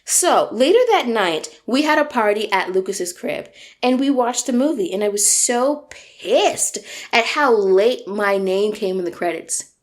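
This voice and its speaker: A woman in her twenties telling a storytime on her vlog, animated and emphatic, venting with plenty of swearing. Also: mid-range voice, measured pace. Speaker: vlogger.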